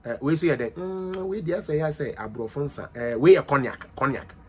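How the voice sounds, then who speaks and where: A Ghanaian-accented man voicing a mocking impression of a politician slowly tasting cognac, in a deep, slurred tone. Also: mellow, slightly rough. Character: mocked politician, tipsy man savoring cognac.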